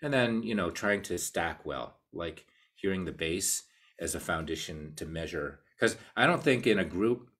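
A man with an American accent giving a casual live online cello lesson, explaining ideas and counting beats out loud. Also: low voice, animated, moderate pace. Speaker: cello teacher. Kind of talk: live online masterclass talk.

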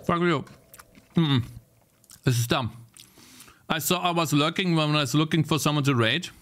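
A young man streaming live gameplay commentary, swearing and yelling at the game, then apologizing. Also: a little high, normal speed.

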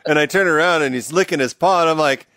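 A man's voice: a little high, fast talker, dry recording. A man from Canada, co-hosting a podcast, chatting bluntly and laughing often. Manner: giggly, blunt, lively. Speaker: podcast co-host. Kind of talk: casual podcast chat.

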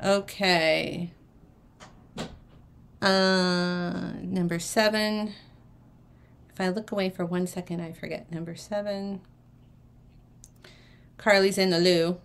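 A woman hosting a live jewelry shopping auction, chatting away and acting out the people in her stories, then dropping quietly to herself while she handles items. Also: lowish voice, slow, gravelly, pauses often, clear, resonant tone. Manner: chatty, acts out quoted people in a lively way.

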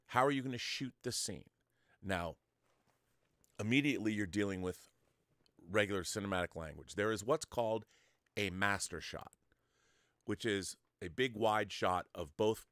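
Male host, explains film like a lecture, talks to the viewer, lowish voice, dry sound. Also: normal speed, pauses often, a bit bright, no echo.

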